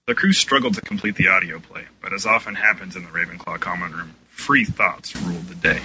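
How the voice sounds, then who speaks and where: A man narrating an amateur audio play in a lively, expressive reading voice. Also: deep voice, a little fast, music in the background, low-quality recording.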